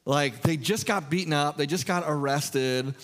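A man preaching a sermon, retelling a story in a conversational, animated way with filler words. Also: on the high side, moderate pace, big-room sound. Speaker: pastor. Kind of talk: expository sermon.

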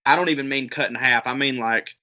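A man's voice: mid-range voice, fast, pushed and bright. A man hosting a podcast, chatting casually and telling rambling, profane stories. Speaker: podcast host. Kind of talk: casual chat. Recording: dull lo-fi sound.

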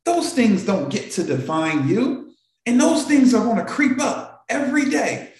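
A man's voice: very high voice, sing-song, a little slow, darkish tone. A man hosting a morning show, giving an emotional motivational talk to a live audience and repeating phrases for emphasis. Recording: very echoey room.

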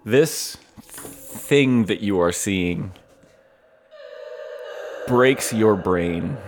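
A man's voice: fairly low pitch, expressive, very slow, a little hiss or hum. A man running a tabletop game as game master, narrating loosely with fillers and laughs.

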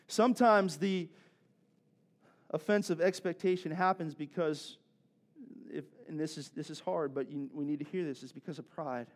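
A man, preaching a sermon in a conversational, animated storytelling way with asides to the congregation. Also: fairly high pitch, moderate pace, pauses often. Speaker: pastor.

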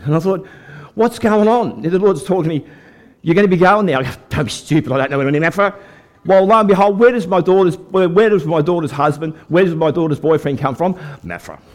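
An older Australian preacher with a voice on the high side talks fast. He tells a folksy faith story as a testimony sermon to a live church audience, staying lively with the crowd.

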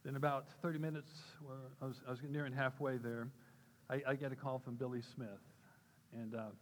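An older man at a church gives a personal testimony in a plain, mid-pitched voice. He tells his story with lively turns, often jumping up in pitch to act out the voices he quotes. A faint hiss of noise sits under the recording. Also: a little fast, poor audio. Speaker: church speaker.

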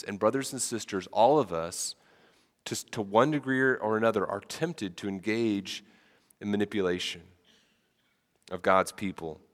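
A man's voice: fairly low pitch, fairly bright tone, in a large hall. A man preaching a sermon with a head cold, talking conversationally and often repeating words as he starts sentences. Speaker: pastor.

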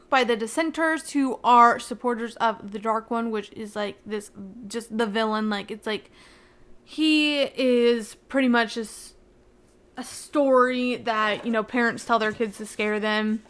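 A young woman with a slightly raised pitch talks through a book plot in a loose, excitable way. She keeps dropping "like" and "you know" into her sentences as she rushes ahead. She tries hard not to give away spoilers. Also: clear, resonant tone. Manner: chatty, heavy use of "like" fillers. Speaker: book reviewer. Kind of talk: casual book recap.

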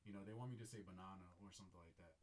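Fast-talking laid-back young man. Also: low voice, darkish tone. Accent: American-leaning. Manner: laid-back, laughs often, heavy use of filler "like". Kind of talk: casual chat.

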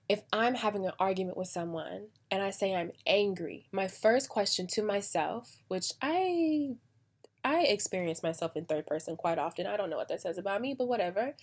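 An American woman hosting a podcast in a casual, chatty way, acting out quoted voices with big jumps in pitch. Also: moderate pace. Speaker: podcast host. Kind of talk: casual solo podcast talk.

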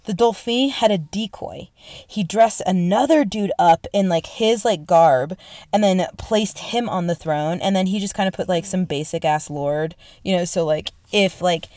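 Slangy swearing woman hosting a podcast, chatty storytelling, kinda low voice, dry. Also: normal speed, darkish tone, dry recording. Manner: slangy, profane, lots of fillers. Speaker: podcast host. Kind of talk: casual storytelling chat.

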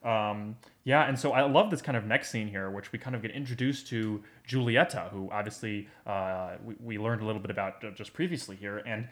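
A man's voice: lowish voice, fairly quick, hardly any pauses. A man co-hosting a podcast in casual chat, enthusiastic and rambling with lots of fillers. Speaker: podcast co-host.

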